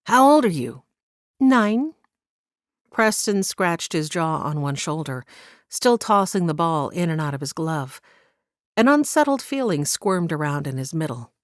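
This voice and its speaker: A woman audiobook narrator reading a historical romance in a gentle, even storytelling manner. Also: deep voice, normal speed, no room sound, studio quality. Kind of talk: scripted narration.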